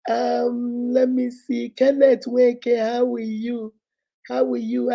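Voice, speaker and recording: A woman's voice: fairly high pitch, flat delivery, a little slow, vocal fry, warm tone. A woman hosting a casual livestream, sick with a cold and coughing, greeting her viewers one by one by name. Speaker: livestream host.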